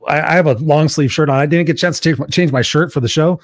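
A man's voice: on the high side, fast, dry recording, clean studio sound. A man hosting a live chat show, upbeat and playful as he reads viewer comments aloud. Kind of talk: casual livestream chat.

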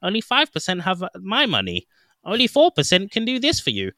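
A man putting on the voice of a nerdy, boastful man reading his dating profile, in a high mocking whine. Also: wildly swooping pitch, brisk, pushed and bright, no room sound, clean studio sound, heavily acted.

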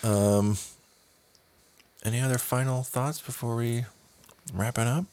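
A man hosting a casual panel chat, animated and acting out little quotes as he talks. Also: medium pitch, unhurried, background noise.

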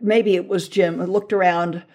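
An older woman interviewing a guest, relaxed and chuckling, reminiscing with small asides. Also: lowish voice, unhurried. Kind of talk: conversational interview.

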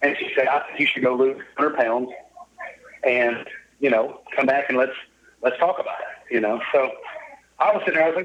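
A man's voice: medium pitch, fairly quick, lo-fi sound, a little hiss or hum. Jovial man telling a story. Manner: upbeat, jovial storyteller who acts out quoted dialogue. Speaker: podcast guest. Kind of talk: casual storytelling interview.

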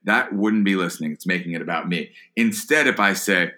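Man, interview guest, earnest, stumbles and repeats words, low pitch. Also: a little fast, hardly any pauses, bright, forceful tone. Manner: earnest, repeats words when starting phrases. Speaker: guest, entrepreneur and author. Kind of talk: podcast interview answer.

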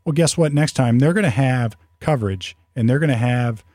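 A man's voice: mid-range voice, moderate pace, darkish tone, no room sound. A man chatting casually as a podcast co-host, rambling with many restarts and fillers. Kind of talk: casual conversational talk.

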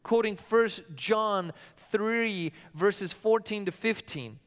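A male pastor preaches in a high, clear, smooth voice, his words ringing out with a long reverb through a church hall. He tells stories and slips into the voices of the people he quotes. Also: slow, few pauses. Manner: storytelling preacher who acts out quoted voices. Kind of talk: sermon.

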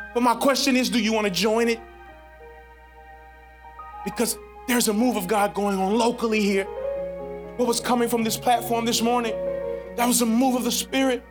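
High-voiced man preaching a sermon. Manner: preaching with big swings from hushed to shouted; casual, conversational with playful voiced asides. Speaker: guest preacher.

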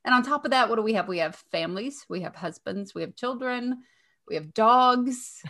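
A woman's voice: a little high, lively intonation, normal speed, bright, forceful tone. A woman in her forties with a Southern US accent, co-hosting a podcast in a chatty, joking way with plenty of ums and laughs. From Indiana, raised in Kentucky. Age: 40s. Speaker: podcast co-host. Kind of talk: casual chat.

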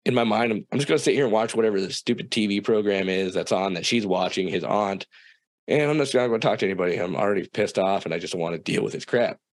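Young guy, low and dry, swears freely, acts out quotes in a spoken story. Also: fast, no room sound. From South Dakota. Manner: profane, animated storytelling with quoted dialogue. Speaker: guest storyteller.

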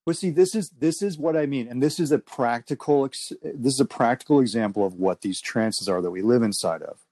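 A podcast host in a reflective conversation, explaining ideas in a calm, measured way with slow emphasis. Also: medium pitch, no room sound.

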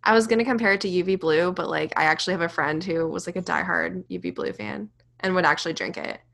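A young woman co-hosting a podcast in casual chat, talking fast and loose with lots of "like" and "literally". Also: fairly low pitch, vocal fry, fairly bright tone. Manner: chatty, says "like" and "literally" a lot. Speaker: podcast co-host.

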